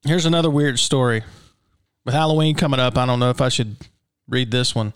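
A man's voice: medium pitch, brisk, smooth, no echo, clean studio sound. A man hosting a podcast in a casual, comic way, reading odd news and stories and laughing through rhetorical asides. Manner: chuckling, jokey, rhetorical asides. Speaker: podcast host.

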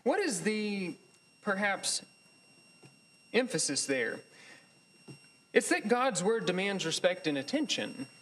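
A man teaching a Bible class in a thoughtful, halting way, with many pauses, fillers and restarts. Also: sits high, very animated, a bit bright, rough recording. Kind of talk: lecture.

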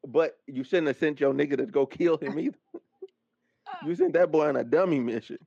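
A man's voice: on the high side, lively intonation, a little fast, vocal fry, dark tone, breathy edge, dry recording. Blunt, joking man on a muffled mic. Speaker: podcast co-host. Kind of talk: casual chat.

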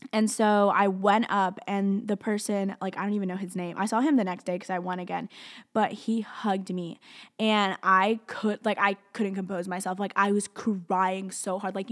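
Young woman, vlogger; open, emotional storytelling with many fillers. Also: mid-range voice. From outside the US. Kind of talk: personal storytelling to camera.

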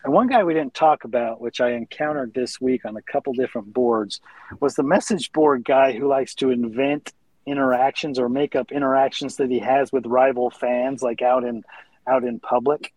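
A man co-hosting a casual podcast, recounting a story in a relaxed way and laughing easily. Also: medium pitch, normal speed, no echo, rough recording. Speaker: podcast co-host.

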